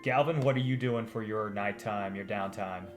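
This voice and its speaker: A man running a tabletop game as game master, explaining in a relaxed way with fillers. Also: on the low side, moderate pace, over music.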